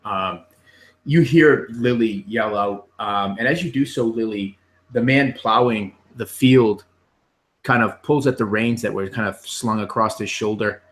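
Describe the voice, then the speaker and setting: A man narrating as game master, describing scenes in a relaxed, meandering way. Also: on the low side, a little slow.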